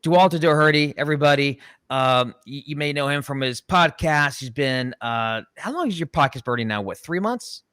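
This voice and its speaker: A man co-hosting a podcast, talking in a halting, rambling way with lots of filler words and jokey asides. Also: fairly high pitch, expressive, fairly bright tone, clean tone, dry recording, studio quality. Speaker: podcast co-host. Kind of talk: casual chat.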